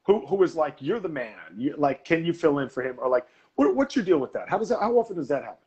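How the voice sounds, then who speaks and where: A man's voice: a little high, sing-song, quick pace, a little mellow, muffled recording. A man hosting a casual interview, chatty and eager with his questions. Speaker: host.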